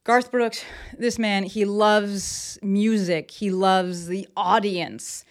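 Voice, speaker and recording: A woman's voice: mid-range voice, fairly even intonation, slow. A woman hosting a casual solo podcast from her desk, talking enthusiastically and rambling with lots of fillers and restarts. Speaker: podcast host. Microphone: desk mic with camera.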